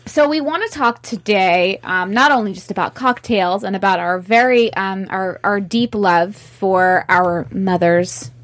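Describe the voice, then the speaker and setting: A woman's voice: medium pitch, a little slow, hardly any pauses. A woman in her thirties co-hosting a casual podcast chat over cocktails, candid and laughing, swearing freely. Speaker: podcast co-host.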